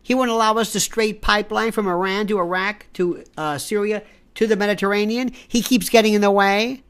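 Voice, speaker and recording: A man's voice: high-pitched, steady tone, a little fast, a bit bright, smooth. A man delivering an impassioned, exasperated political commentary rant straight to the viewer, often stumbling and restarting his words. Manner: talks straight to the viewer while browsing online.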